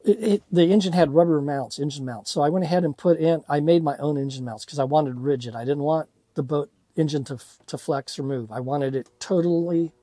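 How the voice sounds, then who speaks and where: A man's voice: a little high, fairly quick, few pauses, dark tone, no room sound. A man telling a rambling, self-deprecating story about his first boat, full of fillers and restarts. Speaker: sailing vlogger. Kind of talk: casual storytelling.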